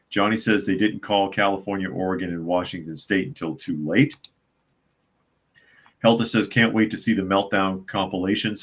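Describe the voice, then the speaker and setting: Man, deep low voice, blunt, repeats himself, reads news and chat comments. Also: fairly bright tone. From US South. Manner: blunt, scornful, repeats phrases for emphasis. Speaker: host of a news commentary stream.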